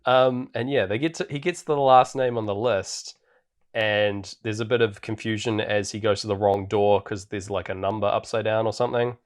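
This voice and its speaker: A man's voice: lowish voice, steady tone, normal speed. A man co-hosting a podcast, casually recapping a film with lots of ums and little laughs. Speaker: podcast co-host. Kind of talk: casual chat.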